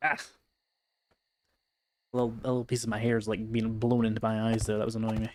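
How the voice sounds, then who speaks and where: A Scottish man with slight vocal fry, chatting casually and wryly while streaming a game. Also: lowish voice, completely flat delivery, fast, a little mellow, a little hiss or hum. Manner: chatty, wry, reading chat aloud. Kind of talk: casual gameplay chat.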